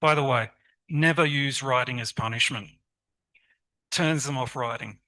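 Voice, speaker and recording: Bright-voiced man giving a lecture. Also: medium pitch, unhurried, dry recording, poor audio. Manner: lively, encouraging, asks the audience questions. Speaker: conference presenter on literacy teaching. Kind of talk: academic conference talk.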